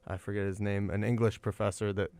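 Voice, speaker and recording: Chatty male podcast host, smooth voice. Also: on the low side, level tone, fast talker, darkish tone. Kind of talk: casual podcast interview.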